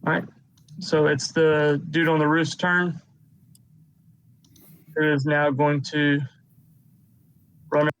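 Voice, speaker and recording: A man running a tabletop game as game master, calmly calling hits and damage and narrating what the enemies do. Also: a little high, slow, long pauses, clean tone, low-quality recording.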